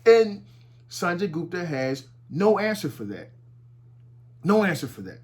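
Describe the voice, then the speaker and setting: A man giving casual, animated commentary at home, talking with heavy profanity and frequent restarts. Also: high-pitched, measured pace, breathy edge. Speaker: commentary vlogger. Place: at home with his dog nearby.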